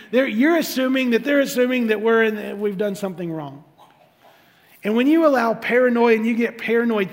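High-voiced male pastor in a reverberant hall. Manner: animated, acts out quoted voices. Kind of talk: sermon.

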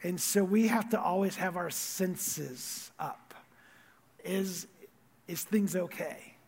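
A man preaching a sermon as pastor, earnest, repeating words and swinging from loud stress to quiet asides. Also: sits high, slow pace, husky, long reverb tail.

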